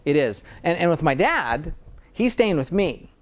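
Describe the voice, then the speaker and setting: A man's voice: a little high, sing-song, a little slow. A dentist in conversation, speaking earnestly and often repeating words as he starts a thought. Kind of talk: conversational interview.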